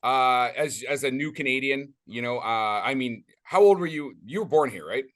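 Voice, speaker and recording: A man hosting a movie podcast in casual chat, rambling with many restarts and quick to laugh. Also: mid-range voice, animated, a bit bright. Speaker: podcast host.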